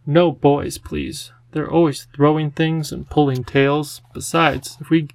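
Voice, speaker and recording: Man playing a fussy storybook cat, slow drawling speech, dry close sound. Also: a little high, level tone, creaky, darkish tone, no room sound. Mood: wheedling. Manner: genteel, drawn-out, fussy delivery. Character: charming, theatrical male cat, playful and flattering.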